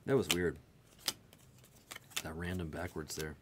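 A man's voice: very deep voice, level tone, a little slow, background noise. A man hosting a sports card break, rattling off player names and card types while chatting with viewers. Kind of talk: live card break call-outs.

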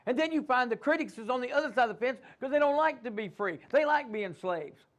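High-voiced preaching man. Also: lively intonation, fast talker. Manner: preaching with call-and-response, acting out inner voices. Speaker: pastor. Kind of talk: sermon. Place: church.

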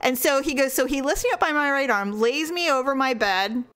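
A woman co-hosting a podcast, telling a story in casual chat with animated delivery and frequent laughter. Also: sits high, a little fast. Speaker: podcast co-host.

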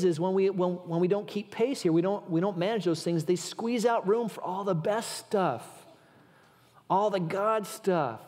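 A man delivers a conversational sermon, earnest and informal, often turning straight to his listeners. His voice sits a little high for a man. The sound carries the long, ringing reverb of a large church hall. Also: a little mellow. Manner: earnest, informal, addresses the audience directly. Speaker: guest preacher.

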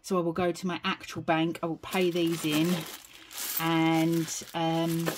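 British woman, young adult, low-pitched, out of breath, rambling home vlogger. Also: monotone, takes it slowly, noisy background. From United Kingdom. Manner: chatty, rambling, self-deprecating. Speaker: budgeting vlogger. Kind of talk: casual chat to camera. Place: home, evening.

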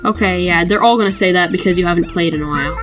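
A woman's voice: on the low side, very fast, over music. A woman hosting a casual gameplay session, guiding someone through the game with giggles and reading game text aloud. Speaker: let's play host.

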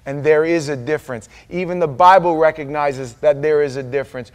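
A high-pitched American man delivers a sermon with lively energy. He acts out quoted voices and sometimes falls to a low, quiet aside before climbing back up. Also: a little fast, hardly any pauses, clear, resonant tone. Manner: animated preaching with quoted voices and sudden soft drops. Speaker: pastor.

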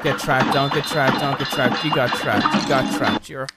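A man's voice: mid-range voice, fairly even intonation, normal speed. A man gaming, fuming and sarcastic, repeating his words as he insists he is not mad. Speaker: gamer. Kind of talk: gameplay commentary. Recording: loud music behind the voice.

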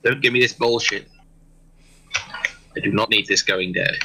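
A man's voice: fairly low pitch, fairly even intonation, unhurried, noisy background. A man in voice chat while gaming, muttering and swearing at his equipment troubles. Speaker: gamer. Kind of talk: casual chat while playing.

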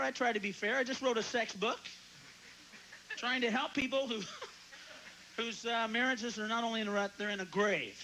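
A man's voice: extremely high pitch, pushed and bright. A man doing a live stand-up routine, breaking into sudden screaming tirades. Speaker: stand-up comedian. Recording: noisy live recording.

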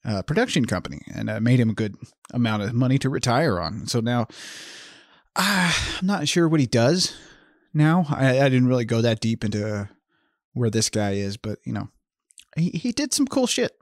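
A man's voice: mid-range voice, very animated, moderate pace, no room sound, clean studio sound. A man co-hosting a podcast, chatting casually about a horror film over beers and laughing often. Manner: chatty, laughs often, drinking beer while talking. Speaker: podcast co-host.

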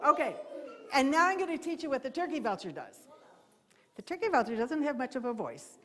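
A woman giving a live talk about birds of prey to a library audience, lively and playful, speaking into a handheld mic. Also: sits high, brisk. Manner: lively, imitates owl hoots. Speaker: wildlife educator. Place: library program room.

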